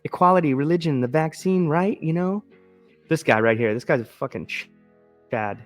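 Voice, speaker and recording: A man's voice: on the high side, normal speed, soft background music. Profane, sarcastic male commentary host. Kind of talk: political commentary show, reading news aloud.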